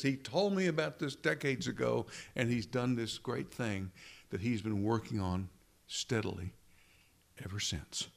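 A man's voice: medium pitch, measured pace, vocal fry. A man preaching a sermon in an earnest way, asking rhetorical questions and repeating phrases for emphasis.

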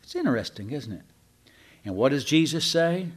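A man preaching a sermon, slow and emphatic, asking rhetorical questions and sometimes restarting mid-phrase. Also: on the high side, very animated.

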